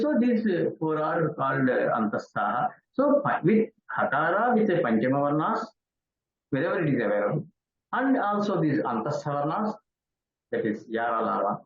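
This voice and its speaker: An older man with an Indian accent teaches in a slow, careful way, pausing often between syllables. His voice sits a little high. The sound is echoey and thin, like a phone line. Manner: slow, deliberate, spelling out syllables with many pauses. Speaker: Sanskrit professor. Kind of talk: lecture. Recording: echoey room over a tinny phone-like line.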